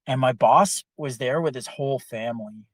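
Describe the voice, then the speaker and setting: A young man telling a long story in a casual podcast chat, animated and heavy on swearing. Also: medium pitch, moderate pace, no echo. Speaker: podcast co-host.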